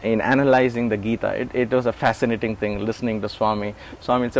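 Speaking fast in a lowish voice over slight background noise, a man in his forties shares recollections during an interview. He's animated, voicing the characters in his stories and breaking into chuckles and restarts along the way.

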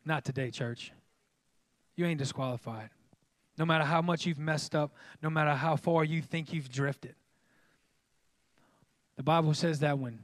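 A man's voice: on the high side, dry recording. A man preaching a sermon as pastor, emphatic and folksy, repeatedly calling out to the congregation.

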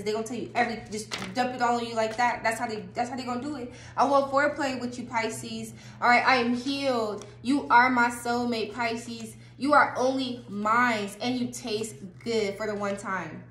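A woman's voice: on the high side, a bit bright. Chatty woman reading tarot, echoey room. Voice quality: chatty, laughing, swears casually, talks straight to viewers. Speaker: tarot reader. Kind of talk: casual tarot reading for viewers. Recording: echoey room with faint noise.

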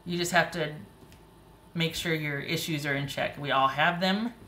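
Bright-voiced woman reading tarot, echoey room. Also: low voice, moderate pace, a little hiss or hum. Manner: chatty, encouraging, often laughing and exclaiming. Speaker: tarot reader. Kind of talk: casual tarot reading monologue.

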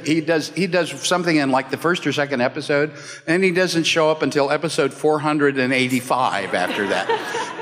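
Jokey man on a panel mic. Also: a little high. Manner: jokey, self-deprecating, chuckling often. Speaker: voice actor panelist and moderator. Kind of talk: convention panel chat. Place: convention panel room. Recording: echoey hall with crowd noise. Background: crowd chatter.

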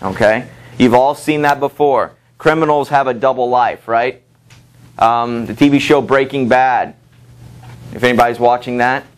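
A man lectures his high school literature class in a relaxed, conversational way, with plenty of fillers and quick asides to the students. He reads passages from the book aloud and voices the characters' lines as he goes.

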